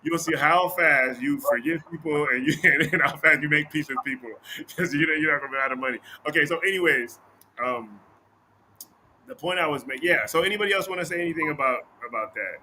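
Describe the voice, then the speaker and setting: Fast-talking bright-voiced male host. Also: fairly high pitch, a little hiss or hum, poor audio. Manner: animated storytelling with laughs and restarts. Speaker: podcast host. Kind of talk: casual conversation.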